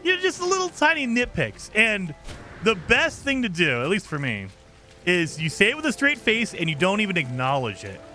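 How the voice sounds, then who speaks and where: A man's voice: sits high, huge pitch swings, moderate pace, sharp tone, faint music behind. A man streaming a game, chatting casually with viewers in a joking, teasing way and laughing often. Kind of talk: casual live commentary while playing.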